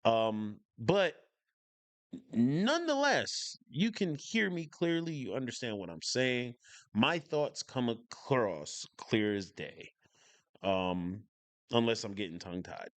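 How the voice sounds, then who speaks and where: A man hosts a casual reaction video. He enunciates clearly and lays out his opinions emphatically, repeating lines to drive them home. His voice sits at an ordinary middle pitch, and the dry recording has no room sound. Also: very animated, slow pace, dry recording. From northern United States. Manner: lecturing, repeats points for stress. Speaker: reaction channel host.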